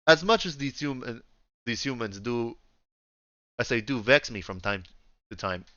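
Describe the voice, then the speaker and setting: A man voicing an ancient dragon emperor in human form, refined and domineering, speaking slowly. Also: bright, forceful tone, dry recording, muffled recording. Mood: commanding. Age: older. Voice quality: deep, refined voice. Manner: slow, domineering, imperious.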